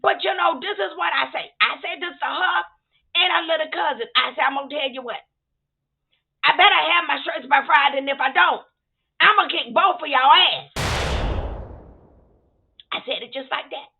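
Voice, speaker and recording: A sassy older church lady, played by a woman, talking straight to the listeners with plenty of attitude. Her voice sits high and has a gravelly edge. The recording is thin and tinny, like a phone line. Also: brisk, slight background noise. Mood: indignant. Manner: sassy, addresses listeners as y'all. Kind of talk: comedic character monologue.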